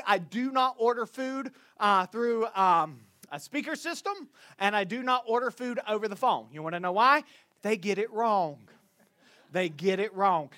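Southern pastor, man, very high voice, joking sermon storyteller, teases the crowd. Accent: Southern US (Northwest Florida). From Northwest Florida, USA. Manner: joking, animated storytelling, quick asides to the crowd. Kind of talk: sermon with jokes to a congregation.

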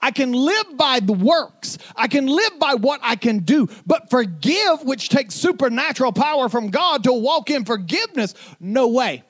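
A man's voice: very high voice, very animated, normal speed, few pauses, a bit bright. A man preaching a sermon as a pastor, retelling stories with building intensity.

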